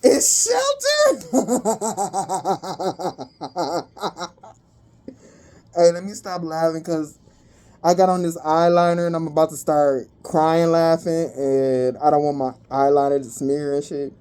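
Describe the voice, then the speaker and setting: A woman's voice: sits low, little pitch movement, normal speed, warm tone, clean tone. A woman giving a casual spiritual reading to her viewers, chatty and profane and prone to giggling. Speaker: spiritual card reader.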